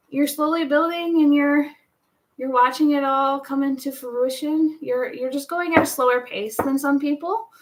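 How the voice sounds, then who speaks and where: A woman's voice: high-pitched, slight background noise, poor audio. A woman giving a live tarot reading in a casual, chatty way, often restarting her sentences. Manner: chatty, rambling, many restarts and laughs. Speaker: tarot reader.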